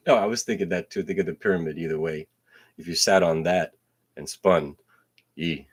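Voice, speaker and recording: A man with a slightly rough voice hosts a solo show, rambling profanely in a stream-of-consciousness monologue. He half-raps verses along the way, veering between loud outbursts and low mutters.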